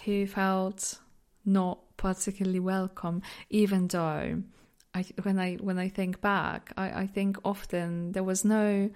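A woman's voice: on the low side, a little mellow. A woman from Poland with an accent that mixes Polish and British, hosting a reflective solo podcast in a candid, self-deprecating way, laughing often. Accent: mixed Polish-British. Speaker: podcast host.

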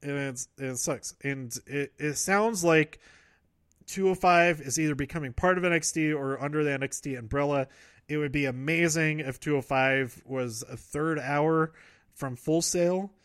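A man's voice: fairly high pitch, fairly bright tone, no echo, studio quality. A man casually recapping wrestling events, rambling, correcting himself and laughing often.

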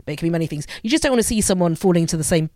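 A woman's voice: fairly low pitch, expressive, rapid-fire, warm tone, no echo, studio quality. A woman, a journalist talking as a guest in an interview, thoughtful and candid, slipping into voices when she retells things. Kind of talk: reflective conversational interview.

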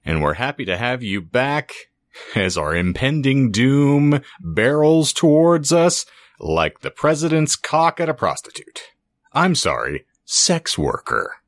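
A man's voice: medium pitch, slow pace. A man hosting a podcast, trading crude jokes in casual banter. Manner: crude joking, animated. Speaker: podcast host.

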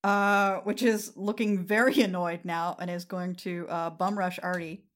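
A woman running a tabletop game as game master, relaxed and laughing, with many fillers. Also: on the low side, a little slow.

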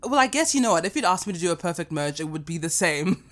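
A woman's voice: fairly low pitch, quick pace. A woman guest on a podcast, joking around in casual chat. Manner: jokey, animated.

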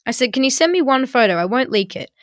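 A woman's voice: sits high, lively intonation, quick pace, no echo. A woman, co-hosting a podcast and telling a funny story in a dry, self-mocking way. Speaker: podcast co-host. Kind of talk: casual storytelling chat.

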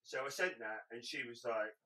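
A man's voice: medium pitch, animated, normal speed, bright, forceful tone. A British man co-hosting a podcast, telling a story and acting out the quoted lines. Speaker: podcast co-host. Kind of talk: casual storytelling banter. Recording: echoey, distant mic with faint hiss.

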